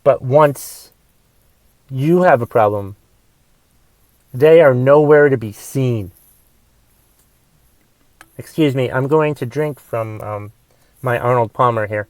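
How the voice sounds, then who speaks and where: A young man hosting a comedy podcast, delivering a profane solo rant that swings between shouting and mumbled asides. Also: medium pitch, slow, pauses often, no echo. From United States. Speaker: podcast host and stand-up comedian.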